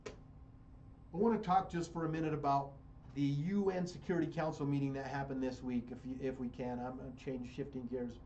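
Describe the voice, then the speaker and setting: A man's voice: mid-range voice, steady tone, moderate pace, mellow, lo-fi sound, slight background noise. An American man hosting a radio show, giving fiery political commentary and repeating phrases for emphasis. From United States. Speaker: radio host.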